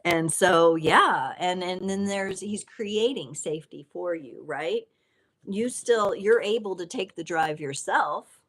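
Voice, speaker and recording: A woman's voice: lowish voice, slow, fairly bright tone. Chatty woman doing a live tarot reading. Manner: chatty and playful, with frequent fillers and laughs. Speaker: tarot reader hosting a live stream.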